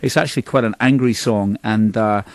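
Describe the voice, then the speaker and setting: A man's voice: lowish voice, brisk, dry recording. A middle-aged Scottish man, a band's singer, telling long rambling stories in a radio interview with a self-mocking, laughing manner. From Scotland. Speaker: band singer, interview guest.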